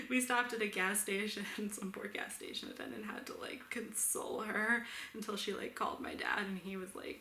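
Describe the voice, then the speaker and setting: A woman's voice: medium pitch, a little fast, creaky, sharp tone. A young woman chatting casually while she knits, telling a story with lots of "like" fillers and frequent laughter. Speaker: knitting vlogger. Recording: roomy echo, faint ambient noise.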